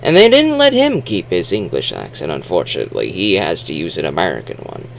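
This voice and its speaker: Low, gravelly male recapper; rambling, sarcastic, lively pitch swings. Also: brisk, a little hiss or hum. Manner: rambling, sarcastic asides, self-deprecating. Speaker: movie recap vlogger. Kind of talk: casual movie recap.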